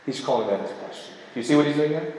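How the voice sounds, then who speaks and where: A man's voice: a little high, animated, rapid-fire, darkish tone, slight background noise. A man preaching a sermon, reading scripture verses aloud and stopping to explain them line by line. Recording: very echoey hall with long reverb.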